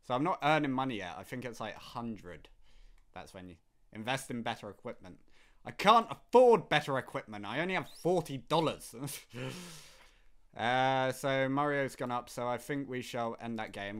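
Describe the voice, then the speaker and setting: A man's voice: on the low side, a bit bright, clear, resonant tone. A young man casually commenting on his own gameplay, rambling and often laughing. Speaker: gaming YouTuber.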